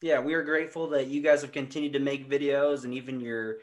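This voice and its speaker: A man hosting a podcast, asking questions in a relaxed, easygoing way. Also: mid-range voice, fast. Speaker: podcast host. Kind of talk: casual interview.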